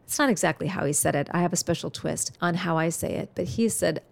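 A woman's voice: on the low side, fast talker, gravelly. A woman hosting a podcast, talking earnestly and encouragingly to her listeners as if to a friend. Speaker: podcast host. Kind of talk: heartfelt podcast monologue.

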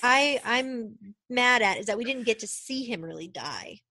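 A woman chatting casually with a co-host, animated and full of fillers, getting worked up. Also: a little high, normal speed, no echo, clean studio sound. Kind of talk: casual chat.

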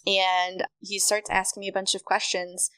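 A young woman from Michigan, a running coach, telling her story as a podcast guest in a chatty, animated way, acting out bits of dialogue. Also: medium pitch, normal speed, dry recording. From Michigan, USA. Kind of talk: casual storytelling interview.

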